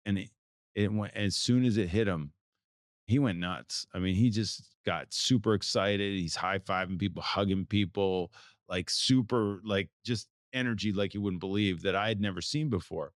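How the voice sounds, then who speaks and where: A man in his forties from the United States, speaking as an interview guest in a low voice. He talks in a loose, rambling way, circling back and restarting his sentences. The sound is dry and close to the mic. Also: moderate pace, no echo. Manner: rambling, with many restarts and fillers. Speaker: photographer, guest. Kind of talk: casual interview talk.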